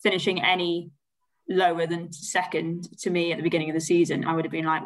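A woman co-hosting a relaxed football podcast chat, rambling through her points with plenty of fillers and hedges. Her voice sits low and stays flat. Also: fast talker, rough recording. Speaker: podcast co-host.

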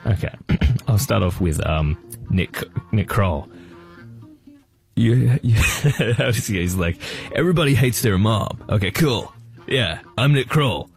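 Animated man, radio co-host. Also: lowish voice, takes it slowly, creaky, soft background music. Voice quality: animated, laughing often. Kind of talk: breakfast radio banter.

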